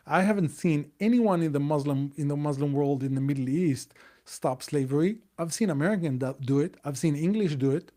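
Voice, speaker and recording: A man's voice: fairly high pitch, mellow. A man hosting a live stream, talking bluntly and emphatically and hammering his points home. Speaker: host.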